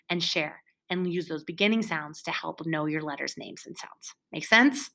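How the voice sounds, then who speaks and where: A woman's voice: on the low side, normal speed, hardly any pauses, fairly bright tone. A woman teaching young children in a recorded lesson, with an encouraging, exaggerated teacher voice.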